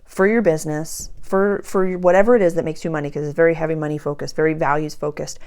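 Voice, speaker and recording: A woman with a notably low voice gives a casual spoken astrology and tarot reading. She talks earnestly and emphatically, circling back to repeat key phrases. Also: fairly even intonation, fast talker, a little mellow.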